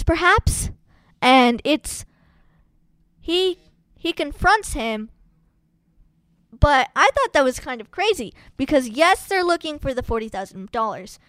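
Slow-talking high-voiced woman recapping a film. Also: clear, resonant tone, no room sound, studio quality. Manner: chatty, animated storytelling. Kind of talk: casual film recap chat.

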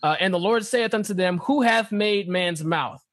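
A man in a casual Bible discussion, reading scripture slowly and acting out the dialogue with animation. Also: sits high, fairly bright tone. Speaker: podcast co-host teaching scripture.

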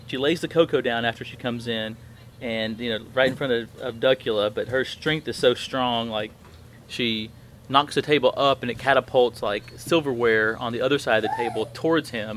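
A man's voice: mid-range voice, steady tone, moderate pace, fairly bright tone, slight background noise. A man in his thirties hosting a podcast, telling a story in a rambling way with many fillers and restarts. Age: 30s. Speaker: podcast host. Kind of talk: casual chat.

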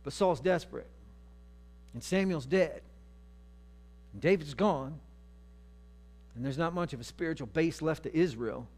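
A man's voice: fairly high pitch, measured pace, pauses often, a little mellow. Conversational male preacher. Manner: conversational, humorous storytelling. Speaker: pastor. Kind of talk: sermon.

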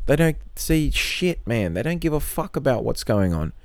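A man's voice: mid-range voice, sing-song, moderate pace, no echo. A man casually rambling through a solo podcast monologue, full of swearing and offhand jokes. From not from Australia. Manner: rambling, profane, joking. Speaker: podcast host. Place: in Australia.

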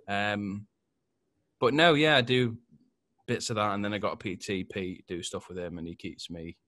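Casual male podcast host, low voice with a bright edge, rambling and jokey. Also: a little slow, dry recording, clean studio sound. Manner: laughs a lot, swears freely, rambling. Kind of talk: casual chat.

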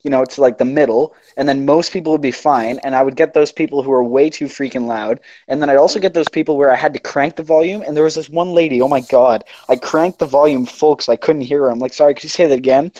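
A young man from Canada telling a work story in casual chat, animated and swearing, mimicking customers. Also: medium pitch, fast, hardly any pauses, muffled recording. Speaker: friend in group chat.

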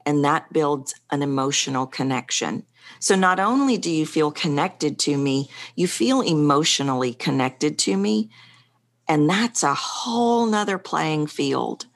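A middle-aged woman speaking coach, talking animatedly in an interview and shifting her pace for emphasis. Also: low voice. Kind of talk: conversational interview.

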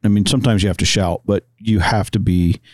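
A man's voice: lowish voice, steady tone, a little fast, darkish tone, no room sound. A middle-aged man, a firefighter-paramedic and father, talking plainly in a casual podcast conversation, often stammering and repeating words.

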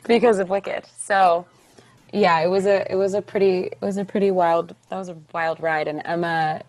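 A young woman, a stage actress, chatting as a podcast guest, telling her story with lively acted-out quotes. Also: lowish voice, normal speed. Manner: animated, acts out quoted voices. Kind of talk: casual interview storytelling.

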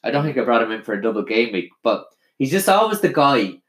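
A man's voice: mid-range voice, big pitch swings, quick pace, a bit bright. A man hosting a casual podcast chat, swearing freely and reading out listener questions. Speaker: podcast host. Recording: roomy echo.

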